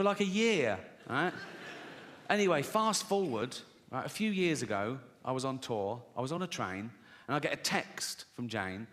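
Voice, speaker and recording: A man's voice: mid-range voice, a bit bright. A man doing crude, sardonic stand-up comedy on a live stage, often breaking into laughter. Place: live stage before an audience.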